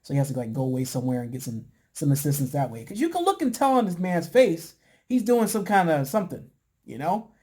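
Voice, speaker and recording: A man casually recapping a reality show, talking in a relaxed, chatty way with lots of fillers and putting on voices for quotes. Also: fast. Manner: laid-back, chatty, lots of "you know" and "man"; acts out quotes in a higher voice. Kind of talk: casual chat.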